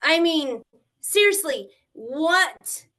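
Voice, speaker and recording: A middle-aged woman, a grandmother, telling her story as a guest on a live stream, animated and emotional, acting out what people said. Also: high voice, extremely slow. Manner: animated, tearful at times, quotes people in shifting voices.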